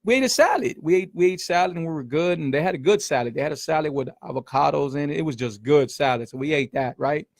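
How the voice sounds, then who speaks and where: Fast and animated, with hardly a pause, a middle-aged keto coach runs his casual livestream in a voice on the high side. He hammers his points, says them again, and leans on "man" and "y'all." It's studio quality with no room sound.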